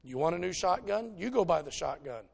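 A man's voice: high voice, lively intonation, brisk, creaky. A man preaching a conversational sermon in a folksy, plainspoken way, telling stories to make his points.

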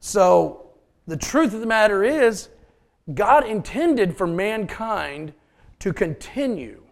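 A man's voice: high voice, sing-song, slow pace, creaky. A man preaching a sermon, joking with his congregation between points. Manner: folksy, joking asides to the congregation. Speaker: pastor.

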